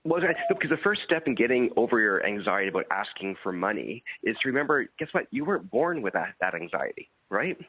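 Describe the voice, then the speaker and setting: A middle-aged man speaks low and quick, his voice a little husky. He chats casually, doubling words as he goes and laughing between points. The sound is a dry, narrow phone-line feed. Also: big pitch swings, no room sound. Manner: fast, repeats words, laughs often. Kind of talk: casual radio chat.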